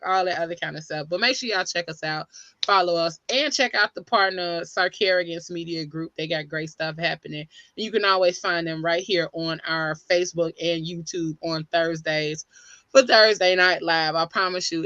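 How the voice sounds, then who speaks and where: A woman with a bright, forward voice hosts a casual podcast chat. She sounds breezy and slangy and talks straight to her listeners. The sound is dry and close. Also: lowish voice, no echo, dull audio. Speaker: podcast host.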